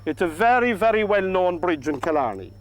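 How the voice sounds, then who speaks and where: Irish painting teacher, man, high-pitched, soft coaxing delivery, outdoors. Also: sing-song, fairly quick, a little hiss or hum, rough recording. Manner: gentle, coaxing, talks to the paint. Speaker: painting instructor. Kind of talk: painting demonstration. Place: outdoors by a lake.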